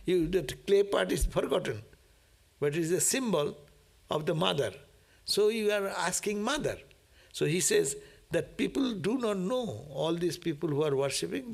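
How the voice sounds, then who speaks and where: A man's voice: on the high side, vocal fry. A man who reads from scripture and explains it in a chatty way, asking "no?" and laughing often. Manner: laughs often and acts out prayers. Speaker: monk teaching a scripture class. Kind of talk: scripture reading with commentary.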